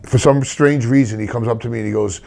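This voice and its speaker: Gravelly-voiced man telling rambling stories. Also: mid-range voice, steady tone, quick pace, a little mellow. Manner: rambling anecdotes with many restarts. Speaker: wrestler guest. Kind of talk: casual interview storytelling.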